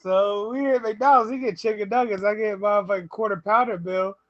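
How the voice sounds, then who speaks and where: A young adult man hosting a podcast, telling stories in an animated way, laughing often and quoting people. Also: sits high, brisk, no echo, highs cut off. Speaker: podcast host. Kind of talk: casual podcast storytelling.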